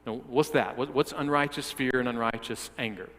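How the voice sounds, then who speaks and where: A man's voice: mid-range voice, brisk, fairly bright tone. A male pastor preaching a sermon, often repeating words as he restarts and putting direct questions to the listeners. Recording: long hall reverb.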